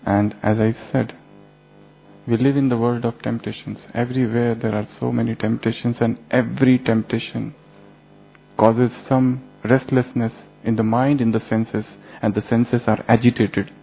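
A man in a sermon tells a fable slowly, in short phrases. His voice is gravelly, heard through a thin, phone-like line with faint music underneath. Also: mid-range voice, flat delivery. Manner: slow storytelling in short phrases. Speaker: spiritual teacher.

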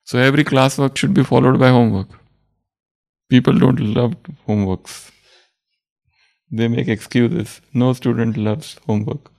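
A man's voice: mid-range voice, fairly even intonation, normal speed, creaky, pauses often, a little mellow. A man, teaching a spiritual class, quizzing listeners and telling parables. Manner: asks the class questions, tells parables, teacherly.

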